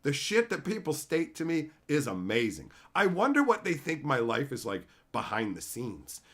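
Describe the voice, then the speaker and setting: A man's voice: mid-range voice, wildly swooping pitch, moderate pace, fairly bright tone. A man hosting a live stream, ranting casually and sarcastically with plenty of profanity while reading out chat messages. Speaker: livestream host reading chat.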